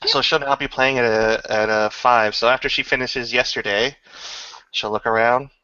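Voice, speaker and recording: A man playing a tabletop game, describing his character's actions in a casual, halting way with lots of fillers. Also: medium pitch, steady tone, bright, forceful tone, no echo, dull audio. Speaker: tabletop player.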